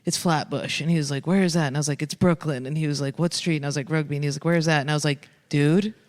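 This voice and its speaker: A man on a comedy talk show, telling quick anecdotes with lots of quoted back-and-forth. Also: on the high side, big-room sound. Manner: rapid, animated anecdotes with quoted dialogue. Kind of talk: casual banter, storytelling.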